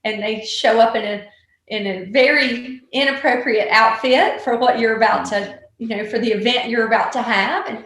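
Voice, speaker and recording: A woman, a guest telling stories in a casual interview, animated and full of ums. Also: fairly high pitch, normal speed, very echoey. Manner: animated storyteller with many ums. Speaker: guest, author and actor.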